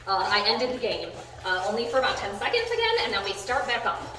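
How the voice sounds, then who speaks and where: A woman dog trainer giving a live demonstration, switching between bursts of excited praise and calm explaining. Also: a little high, quick pace, a little hiss or hum. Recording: very echoey room, voice from far off the mic.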